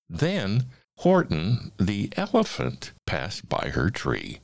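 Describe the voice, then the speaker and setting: A man hosting a talk who reads a children's book aloud in a measured, expressive way. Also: on the low side, creaky, no echo. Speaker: host and reader. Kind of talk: reading a picture book aloud.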